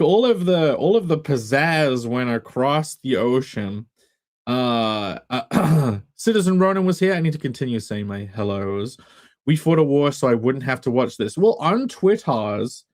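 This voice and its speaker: An English man chatting casually on a live stream from a half-emptied room at home, meandering and wry. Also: a little mellow. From England. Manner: meandering and wry, with big pitch swings.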